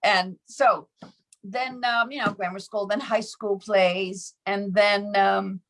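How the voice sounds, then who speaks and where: Older woman telling lively stories. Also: mid-range voice, takes it slowly. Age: 70s. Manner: lively storyteller, chuckles often, acts out quoted voices. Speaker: actress interviewee. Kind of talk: anecdotal storytelling in an interview.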